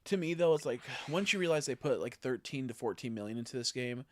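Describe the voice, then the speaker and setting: A man's voice: medium pitch, expressive, quick pace, a little hiss or hum. A young man streaming a game, chatting casually in a rambling way, swearing freely and tossing in jokey asides. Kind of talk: casual gaming livestream chat.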